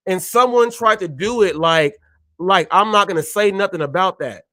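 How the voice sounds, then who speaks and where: High-voiced indignant man hosting. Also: moderate pace, sharp tone, no echo. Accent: Californian English. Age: adult, a parent. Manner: repetitive, emphatic, indignant. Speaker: gig-economy show host. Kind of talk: heated live commentary.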